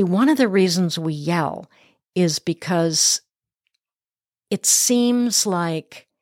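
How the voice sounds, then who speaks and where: A woman's voice: fairly low pitch, dry recording, studio quality. A middle-aged woman hosting a parenting show, giving earnest, emphatic advice and checking in with "right?". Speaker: parenting podcast host. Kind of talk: instructive monologue.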